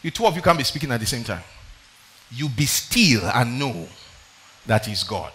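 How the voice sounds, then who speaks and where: A man's voice: mid-range voice, big pitch swings, normal speed, long pauses, a bit bright. A man preaching a sermon, reading scripture aloud with dramatic emphasis and calling out for the next verse. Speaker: pastor.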